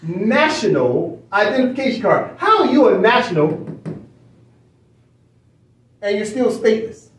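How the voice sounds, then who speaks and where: A man's voice: high-pitched, sing-song, normal speed, roomy sound, recorded from a distance, slight background noise, poor audio. A man leading a study session, lecturing emphatically with repeated phrases and rhetorical questions. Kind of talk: lecturing while reading from a screen.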